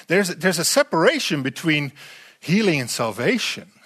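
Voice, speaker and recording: A man preaching a sermon, animated and full of rhetorical questions to the congregation, often repeating words as he restarts. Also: on the high side, moderate pace.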